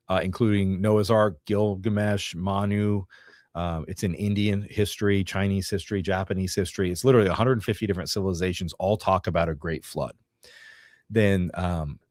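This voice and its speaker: Low-voiced man hosting a chatty podcast. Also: dry recording, studio quality. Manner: rambling, self-correcting explanations. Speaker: podcast host. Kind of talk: casual chat.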